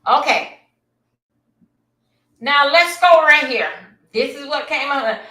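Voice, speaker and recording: A woman hosting a casual livestream from her computer, chatting and rambling straight to her viewers. Her voice is bright and a touch high. She sounds like she is in an echoey room. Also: expressive, takes it slowly. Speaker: livestream host. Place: at home at a computer.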